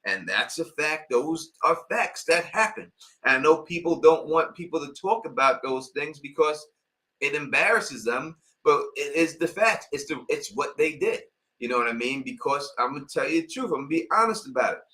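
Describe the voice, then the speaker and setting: A man's voice: a little high, lively intonation, moderate pace, pushed and bright, low-quality recording. A man with a New York accent hosting a casual live-stream Q&A, talking emphatically and insistently. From Queens, New York. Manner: emphatic, insistent, repeats "you know what I mean". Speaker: YouTube channel host.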